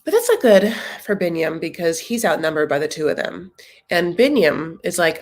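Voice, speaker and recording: A woman's voice: fairly low pitch, sing-song, normal speed. A woman hosting a casual live reaction chat, chatty and sassy, tossing out jokes and asides as she recaps. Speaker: recap show host.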